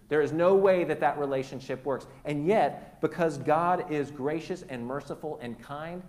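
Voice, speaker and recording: Man, pastor, sermon, earnest, slightly high voice, church. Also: moderate pace, hardly any pauses, darkish tone. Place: church sanctuary.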